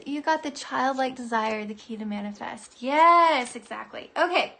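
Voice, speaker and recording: High-pitched bubbly lady doing a live psychic card reading, giggly and chatty, little bit of faint noise. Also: normal speed, hardly any pauses, sharp tone. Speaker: psychic reader.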